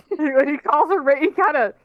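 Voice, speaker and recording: A woman's voice: sits high, moderate pace, dry recording, narrow, tinny audio. A woman playing a tabletop game, describing what her character does. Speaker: player. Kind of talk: tabletop role-play.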